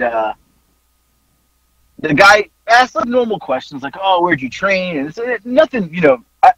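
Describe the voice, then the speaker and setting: A man's voice: fairly high pitch, no room sound, lo-fi sound. A man hosting a podcast, telling a story in a casual chat. He swears freely and keeps breaking into laughter. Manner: animated, profane, laughing through his story. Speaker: podcast host.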